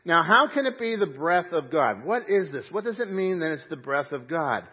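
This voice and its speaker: Husky-voiced preaching man, muffled. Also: on the high side, sing-song, moderate pace, hardly any pauses. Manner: emphatic preaching, folksy asides, some huffing breath. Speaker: pastor. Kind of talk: sermon. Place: church sanctuary. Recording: dull muffled audio.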